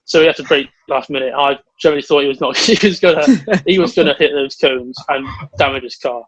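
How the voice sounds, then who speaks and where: A man's voice: medium pitch, no echo, highs cut off. A young man from England, co-hosting a podcast and telling long, rambling stories in casual chat. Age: young adult. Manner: rambling storyteller, quick and excitable. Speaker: podcast co-host.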